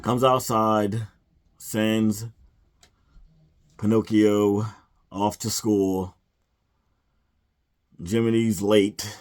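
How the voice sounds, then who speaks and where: Exasperated man ranting in a low voice. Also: level tone, extremely slow, long pauses. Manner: exasperated, sighing, mimics characters in mumbling voices. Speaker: movie reviewer. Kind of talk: casual ranting recap.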